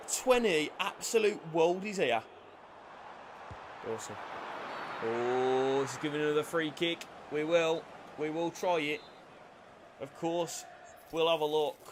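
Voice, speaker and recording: Excitable gaming YouTuber. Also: male voice, on the high side, a little hiss or hum. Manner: loud outbursts, cheeky banter. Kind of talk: excitable game commentary.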